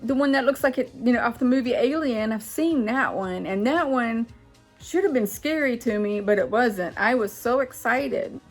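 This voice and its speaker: A woman vlogging in casual chat to camera, excitable and chatty, getting loud when she is excited. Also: a little high, normal speed, soft background music.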